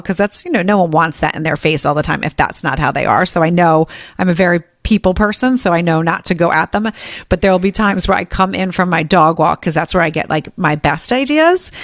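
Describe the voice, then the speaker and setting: A woman podcast host chatting in a casual interview, energetic and openly expressive, with quick asides. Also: on the low side, dry recording.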